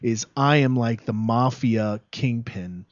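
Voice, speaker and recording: A man talks loosely about his acting work as a guest, circling back with plenty of fillers and false starts. The sound is dry and a little dull, with no room ring. His voice sits at an ordinary middle pitch. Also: slow, dry recording. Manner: rambling, many fillers and restarts. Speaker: actor guest. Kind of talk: casual interview chat.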